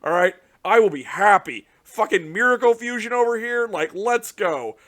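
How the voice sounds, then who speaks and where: A high-voiced man reacts to new cards on his card game channel at a moderate pace. He keeps things casual and very profane, alternating between low muttering and excited outbursts.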